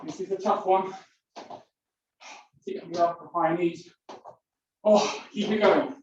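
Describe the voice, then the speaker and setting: A woman's voice: fairly low pitch, steady tone, slow, darkish tone. Breathless woman leading a workout, echoey room. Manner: counts down and calls out moves while exercising along. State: breathing hard between exercises. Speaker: fitness instructor. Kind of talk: leading a home workout class. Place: indoors. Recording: very echoey room, distant mic, dull sound, faint noise.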